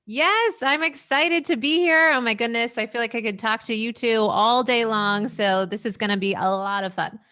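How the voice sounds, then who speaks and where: A woman speaks as a podcast guest over a remote call, gushing and enthusiastic. Her tone is bright and lively. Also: mid-range voice, brisk, few pauses, clear, resonant tone. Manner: effusive and enthusiastic, many "yes" and "oh my goodness". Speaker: guest, sleep coach. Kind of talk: casual interview.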